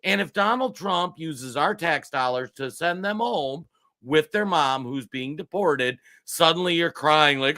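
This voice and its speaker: Male co-host, heated commentary, bright edgy voice, a bit high. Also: lively intonation, measured pace. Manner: heated, raising his voice, worked up. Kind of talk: political commentary show. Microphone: streaming studio mic.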